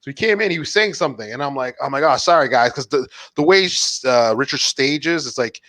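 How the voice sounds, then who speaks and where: Lively man who laughs a lot. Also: mid-range voice, brisk, dry recording. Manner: laughs often, animated storytelling. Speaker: comedian and podcast co-host. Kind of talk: casual chat.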